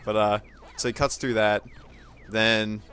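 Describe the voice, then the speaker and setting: A man's voice: lowish voice, level tone, a little slow, a bit bright, clean tone. A young man casually telling a childhood story in a rambling way, full of fillers, restarts and short laughs. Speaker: gaming channel host.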